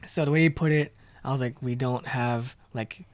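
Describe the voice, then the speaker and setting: Telling a lengthy restaurant story, this man co-hosting a podcast rambles casually and plays out each line of quoted dialogue as he retells the scenes. The sound is clean studio audio with no echo, and his mid-range voice is a bit bright.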